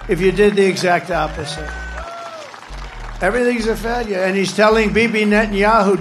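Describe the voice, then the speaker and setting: A man's voice: high voice, normal speed, faint music behind, a faint crowd. A man giving a campaign rally speech from a stage, rambling off the cuff and repeating phrases for emphasis. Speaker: political candidate speaking at a rally.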